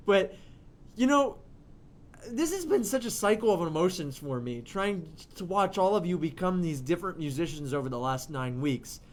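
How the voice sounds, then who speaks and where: A young man in his twenties hosting a virtual open mic over a video call, gushing and giggling often. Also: sits high. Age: 20s. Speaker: host. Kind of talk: casual show hosting.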